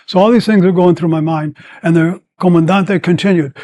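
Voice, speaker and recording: An older man in his seventies tells long stories as a podcast guest. He rambles with plenty of fillers but stays animated, in a voice that sits a bit high for a man. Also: a little fast, few pauses. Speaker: guest, former combat medic. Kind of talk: storytelling in a podcast interview.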